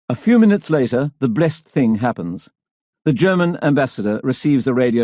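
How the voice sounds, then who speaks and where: A man narrating a history audiobook in a measured storytelling delivery. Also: medium pitch, very animated, warm tone, no echo, studio quality. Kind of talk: scripted narration.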